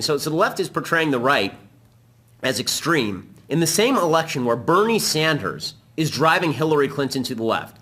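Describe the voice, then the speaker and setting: Combative fast-talking male show host. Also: mid-range voice, sharp tone. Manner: combative, rapid-fire argument. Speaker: political talk show host. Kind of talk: political commentary monologue.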